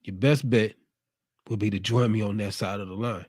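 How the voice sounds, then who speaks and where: A man's voice: on the low side, fairly even intonation, normal speed, a little mellow, no room sound, studio quality. A man hosting his own show, delivering a casual, streetwise motivational monologue with a preachy edge. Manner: laid-back, streetwise, preachy. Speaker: show host.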